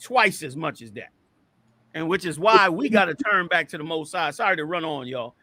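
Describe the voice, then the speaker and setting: Emphatic man with a high, bright voice. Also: expressive, moderate pace, no room sound. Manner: emphatic, repetitive, preacher-like. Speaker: host. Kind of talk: heated commentary over video clips.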